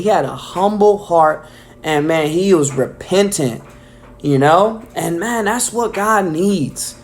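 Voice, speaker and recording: A man's voice: high voice, unhurried. A man delivering a casual weekly devotional message, enthusiastic and filling his talk with "man" and "um". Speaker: preacher.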